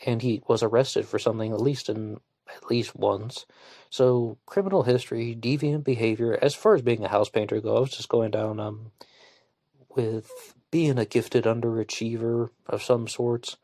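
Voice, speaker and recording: A man's voice: medium pitch, fairly even intonation, moderate pace, dark tone, no echo, studio quality. A man hosting a solo podcast in casual commentary, blunt and scornful, with frequent fillers and swearing. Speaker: podcast host.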